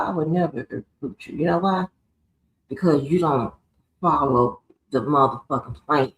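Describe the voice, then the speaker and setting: Female streamer, gravelly and hard-swearing, confrontational rant, echoey room. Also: deep voice, expressive, normal speed, a little hiss or hum. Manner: profane, confrontational, swears heavily. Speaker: live stream host. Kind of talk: ranting live stream monologue.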